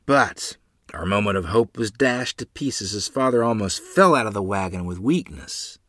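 A man tells a first-person memoir in a measured, earnest way. His voice is low, husky and forceful, recorded close and dry. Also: animated, no echo. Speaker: storyteller.

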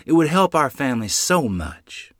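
A man voicing a weary but hopeful mother who speaks gently. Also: on the high side, very animated, normal speed, no room sound, clean studio sound, voice pushed up. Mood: explaining.

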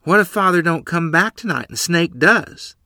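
A timid little frontier girl, small-voiced and worried, put on by a man narrating a story. Her high, bright voice pleads anxiously. The recording is dry and close. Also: lively intonation, normal speed, no echo, full character voice. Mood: frightened. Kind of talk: audiobook character voice.

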